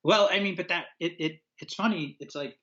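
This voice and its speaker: Animated man telling a story, lo-fi. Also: high voice, fairly quick. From upstate New York. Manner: animated storyteller, acts out quotes, frequent fillers. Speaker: guest, former record label owner. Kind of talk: casual anecdote-telling interview.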